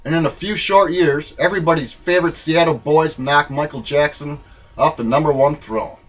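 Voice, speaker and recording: A man reading his own memoir in a rambling, wry, irreverent way, swinging between loud bursts and low mutters. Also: normal speed, poor audio. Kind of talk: spoken-word memoir reading.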